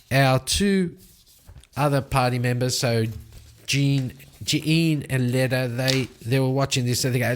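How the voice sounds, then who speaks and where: A man narrating his solo tabletop role-playing game, telling the fight with lively sound effects. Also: medium pitch. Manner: animated storytelling with sound effects.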